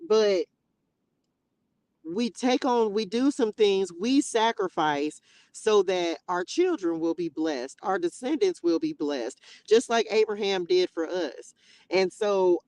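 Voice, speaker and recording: Her voice mid-range and darkish, this livestream host leads a relaxed Bible study, addressing viewers straight on with plenty of emotion. Audio quality is rough.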